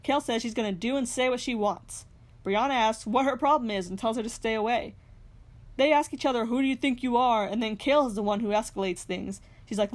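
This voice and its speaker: A young woman narrating a reality TV recap in a scripted way, with sarcastic, snarky asides. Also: on the high side. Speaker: recap host.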